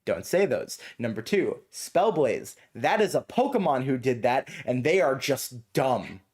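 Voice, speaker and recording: A man playing in a tabletop game, lively and lecturing, laughing often. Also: medium pitch, a little slow, husky. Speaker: player.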